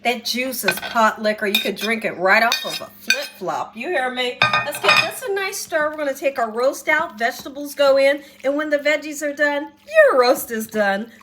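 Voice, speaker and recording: A woman's voice: high-pitched, very animated, moderate pace, hardly any pauses, echoey room, very noisy. A woman hosting a home cooking demonstration, chatty and coaxing, often checking in with "okay?" and "right?". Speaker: cooking show host. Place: home kitchen.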